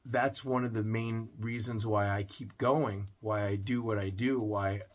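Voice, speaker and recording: Slow, low-voiced earnest man. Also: steady tone. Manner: earnest and heartfelt, with small restarts. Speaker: pet video host. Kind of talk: casual vlog talk to camera.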